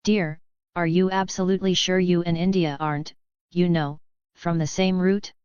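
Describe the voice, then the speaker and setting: A woman's voice: lowish voice, steady tone, moderate pace, darkish tone, smooth, dry recording, lightly acted. A woman voicing a sardonic male companion who speaks in a mocking way, in a dull lo-fi recording. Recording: dull lo-fi audio.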